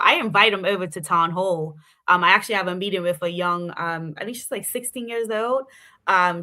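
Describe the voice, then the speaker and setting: A woman's voice: fairly low pitch, pushed and bright. A woman with a Bermudian accent, talking casually as an interview guest, chatty with many fillers. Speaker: guest politician.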